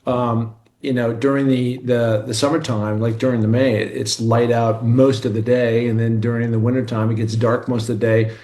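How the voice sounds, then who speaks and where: A man's voice: medium pitch, flat delivery, moderate pace, few pauses, darkish tone. A man from Seattle, a former football player, chatting as a radio guest in a rambling, storytelling way. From Seattle, Washington. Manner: rambling storyteller, many restarts and asides. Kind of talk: casual radio chat.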